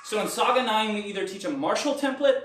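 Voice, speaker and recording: A man with a high, light voice coaches a stage combat class with upbeat energy, counting out reps as he demonstrates the moves. He is recorded in a roomy indoor training space, a little away from the mic. Faint music plays underneath. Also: expressive, quick pace, far from the mic, slight background noise. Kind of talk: live online movement class.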